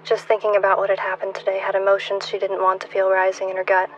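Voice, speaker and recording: A woman in her twenties reading her own fiction aloud in a measured, hushed way, at times dropping to a whisper. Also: mid-range voice, monotone, lo-fi sound, soft background music. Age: 20s. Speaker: author.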